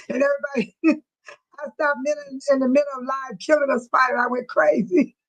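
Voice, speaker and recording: A woman with a high voice hosts a casual live stream, chatting with her viewers as she reads their comments. She laughs often and talks straight to her audience. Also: a bit bright, low-quality recording.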